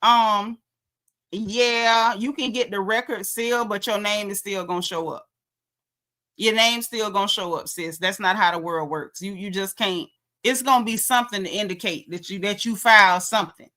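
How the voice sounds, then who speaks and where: A woman's voice: mid-range voice, steady tone, normal speed, bright, forceful tone. A woman giving a sassy, slangy recap of a reality show episode, gossiping and calling out the cast.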